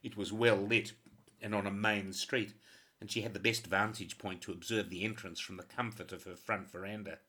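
A man narrating a crime novel audiobook in a steady, even reading voice. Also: lowish voice, moderate pace, slightly rough.

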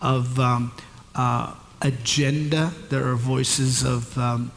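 A man's voice: mid-range voice, fairly even intonation, slight background noise. Man preaching in a reverberant hall. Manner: builds from measured teaching to shouted climax, repeats words. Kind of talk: sermon. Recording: long hall reverb, faint ambience.

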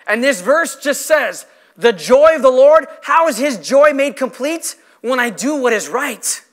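A male pastor preaching a sermon with impassioned, emphatic delivery, stretching out key phrases slowly. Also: extremely high pitch, lively intonation. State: emotional.

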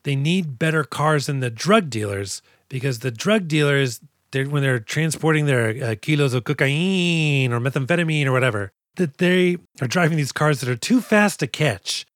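A man's voice: a little high, lively intonation, normal speed, a bit bright, no echo, studio quality. A man co-hosting a podcast, recapping a movie with wry sarcasm and casual swearing. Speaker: podcast co-host. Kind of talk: casual movie-review chat.

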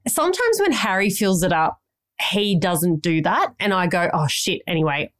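A woman's voice: medium pitch, lively intonation, moderate pace. Rambling Australian woman telling a story. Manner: rambling storytelling, swears casually. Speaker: podcast co-host. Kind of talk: casual chat.

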